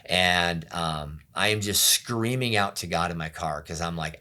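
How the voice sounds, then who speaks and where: A man with a very deep, low voice, speaking as a pastor in a sit-down interview. He tells his story candidly and softly, often trailing into a murmur, and briefly acts out what others said to him. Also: moderate pace, hardly any pauses. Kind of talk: personal testimony interview.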